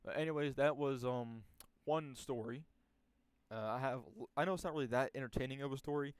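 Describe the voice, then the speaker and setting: Young male storyteller, laid-back and rambling, crude language, mid pitch, dry recording. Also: brisk, smooth, dry recording. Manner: rambling, profane, many restarts and fillers. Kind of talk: casual storytelling.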